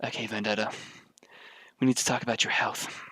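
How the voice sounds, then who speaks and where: Brief: a stern, clinical male doctor with a put-on odd accent, as a gamer puts him on, bright and crisp. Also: lowish voice, little pitch movement, very fast, dry recording.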